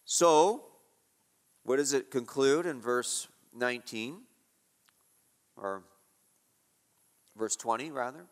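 A man's voice: mid-range voice, slow, pauses often, big-room sound. A man preaching an expository sermon, emphatic and rhetorical, asking questions and repeating key phrases.

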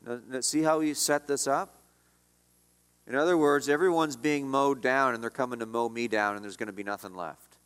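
A man's voice: medium pitch, moderate pace, a bit bright, smooth, big-room sound. A man preaching a sermon as pastor, emphatic and repetitive, often dropping his voice on key lines.

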